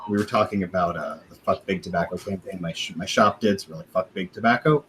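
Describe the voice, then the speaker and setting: Low-voiced man telling a story. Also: fast, fairly bright tone, a little hiss or hum, low-quality recording. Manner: profane, laughing, quotes others in asides. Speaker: podcast host. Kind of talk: casual storytelling.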